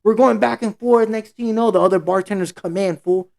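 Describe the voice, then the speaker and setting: A man's voice: high-pitched, brisk, gravelly, dark tone. A man co-hosting a podcast, telling a story in casual, profane slang and acting out what everyone said. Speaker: podcast co-host.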